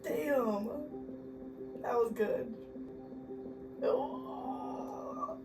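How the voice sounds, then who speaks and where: A young book vlogger with a mid-range voice talks a little slowly as she reads in her bedroom, giggling and reacting dramatically. It's casual reading commentary, picked up by a distant mic with music underneath.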